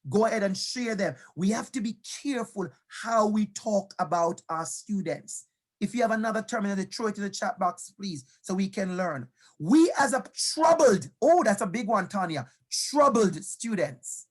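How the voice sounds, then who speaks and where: A woman's voice: mid-range voice, lively intonation, unhurried. Woman presenting an online workshop. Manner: reads audience replies aloud, stresses key terms.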